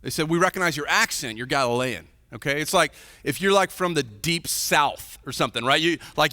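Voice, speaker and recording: A man's voice: fairly high pitch, animated, brisk, few pauses, bright, forceful tone, dry recording, clean studio sound, in a large hall. A man preaching a sermon as pastor, telling the story with animation and acting out the quoted voices. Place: large church hall.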